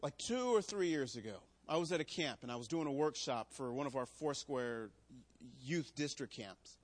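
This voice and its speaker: A man, a pastor, preaching a sermon to a room, moving between loud emphatic preaching and quiet storytelling. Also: medium pitch, lively intonation, moderate pace. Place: church room.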